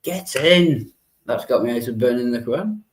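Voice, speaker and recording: A man's voice: mid-range voice, lively intonation, normal speed. A man co-hosting a livestream in casual chat, laughing often, mocking himself and swearing. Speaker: livestream co-host.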